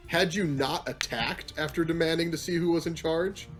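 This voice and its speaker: A man's voice: a little high, moderate pace, soft background music. Laughing man running a tabletop game. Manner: relaxed, laughs often while ruling on dice rolls. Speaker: game master.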